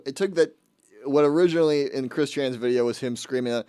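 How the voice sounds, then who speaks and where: A man's voice: mid-range voice, fairly even intonation, a little fast, darkish tone, clear, resonant tone, no room sound, clean studio sound. A man hosting his own radio show, chatting casually between songs in a rambling, amused way and often correcting himself mid-sentence. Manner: rambling, amused, with frequent restarts and self-corrections.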